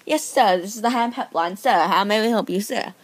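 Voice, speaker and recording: Woman doing a smarmy polite phone operator, sir this sir that, deadpan, comedy sketch. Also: medium pitch, a little fast, natural voice. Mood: smug. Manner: overly polite, keeps saying sir. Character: deadpan male helpline operator, smugly polite.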